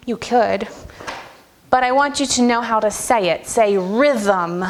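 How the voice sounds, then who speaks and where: A woman music teacher leading a first-grade class, firm and clear, sometimes breaking into a sung or high voice to show a rhythm. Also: a little slow, slight background noise.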